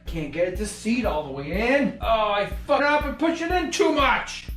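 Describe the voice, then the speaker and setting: A woman's voice: fairly high pitch, expressive, normal speed, hardly any pauses, noisy background. A woman hosting a repair vlog, muttering and swearing in frustration as she works in a hot garage. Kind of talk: casual hands-on repair vlog.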